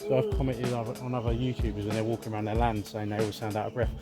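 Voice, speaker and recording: A breathless man talks to his handheld camera while climbing a hillside trail outdoors. His chat is rambling and self-deprecating, and music plays clearly underneath him. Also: on the low side, level tone, racing. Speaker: vlogger. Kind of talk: casual vlog talk to camera.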